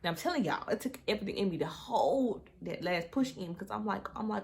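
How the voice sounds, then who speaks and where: A young woman telling her birth story in a casual storytime vlog, animated and candid, talking straight to her viewers and dropping into hushed asides. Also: mid-range voice, fairly quick, creaky. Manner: animated and candid, often drops into hushed asides and laughs at herself; talks straight to viewers with frequent y'all.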